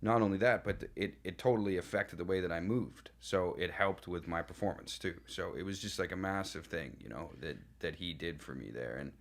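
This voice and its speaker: A young adult man from Canada, a guest actor telling stories in a casual podcast chat, animated and laughing as he acts out what people said. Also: sits low, brisk, hardly any pauses.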